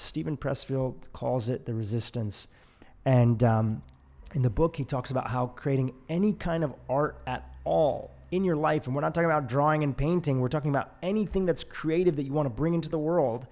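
A man's voice: mid-range voice, moderate pace, darkish tone. A man hosting his own podcast, talking casually in a solo monologue, correcting himself as he goes and getting livelier when he acts out inner doubts. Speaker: podcast host.

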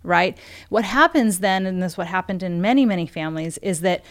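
A woman's voice: fairly low pitch, expressive, brisk. A woman who coaches parents, telling a long story in an interview and acting out the quoted conversations with frequent "um" and "like.".

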